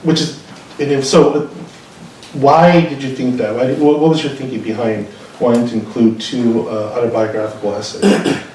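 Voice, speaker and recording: A man interviewing an author at a live bookstore event, asking halting, searching questions full of fillers. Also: mid-range voice, fairly even intonation, darkish tone. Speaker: interviewer and managing editor. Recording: very echoey room, mic far off, faint noise.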